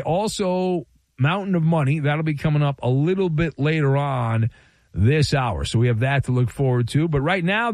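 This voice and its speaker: A man's voice: on the high side, dry recording. A man hosting a call-in sports talk radio show, delivering a playful, wry monologue full of rhetorical flourishes.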